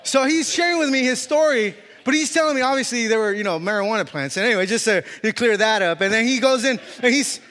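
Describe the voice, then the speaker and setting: Preaching a sermon in what sounds like a church hall with long reverb, this pastor tells his congregation a story full of fillers and restarts. His fairly high male voice has a sharp tone and lively intonation, moving at a quick pace with hardly any pauses.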